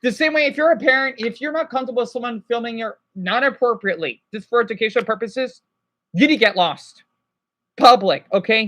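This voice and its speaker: A man's voice: high voice, expressive, brisk, fairly bright tone. A stressed man vlogging, ranting to his viewers in an agitated, rambling way, swearing and then apologizing. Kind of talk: unscripted emotional rant to viewers.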